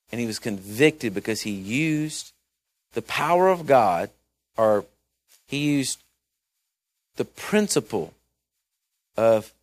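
A man preaching a chatty Bible-study sermon, swinging between loud and hushed. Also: medium pitch, dry recording.

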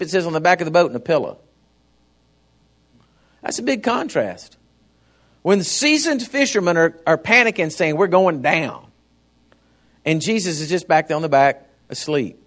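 A man's voice: high voice, fairly bright tone. A man preaching a sermon in a folksy, conversational way, often turning to the congregation with asides.

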